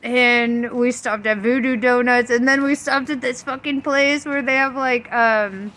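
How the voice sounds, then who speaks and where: A woman talking through spiritual ideas in loose, casual chat, breaking into laughter often and swearing freely. Her voice sits a bit high and sounds sharp and bright. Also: steady tone, a little slow. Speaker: tarot reader and spiritual vlogger.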